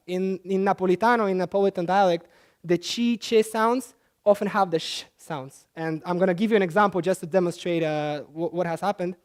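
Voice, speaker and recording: Man, conference presenter, explanatory talk, halting delivery, fillers and restarts. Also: high voice. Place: talk at a language festival.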